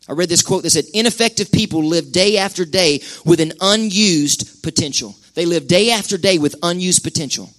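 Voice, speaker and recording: A man preaches to his church in a relaxed, conversational way. His voice sits a little high, and he swings from loud, pressing bursts to hushed, quiet lines. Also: fairly quick, hardly any pauses. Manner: impassioned, conversational preaching with sudden loud peaks and hushed drops. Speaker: pastor. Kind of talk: sermon. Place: church sanctuary.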